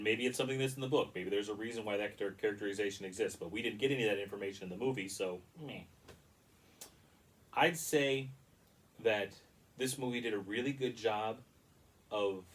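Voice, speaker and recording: Distant, low-voiced man reviewing a movie. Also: normal speed. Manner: rambling, critical, frequent restarts. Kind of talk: casual spoken review.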